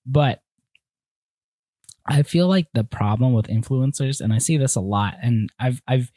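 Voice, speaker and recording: A man's voice: mid-range voice, measured pace, no echo, clean studio sound. A young man hosting a casual podcast chat, candidly telling stories and acting out what people said. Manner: candid, animated storytelling with acted-out quotes. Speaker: podcast host.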